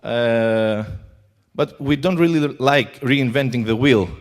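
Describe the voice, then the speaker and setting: A man's voice: mid-range voice, slow. Greek-accented man giving a conference talk. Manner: hesitant, many fillers. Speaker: conference speaker. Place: conference hall.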